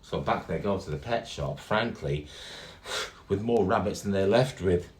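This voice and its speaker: A man reading a story aloud to children, animated and full of gasps and exclamations. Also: deep voice, measured pace. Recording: echoey room with faint guitar.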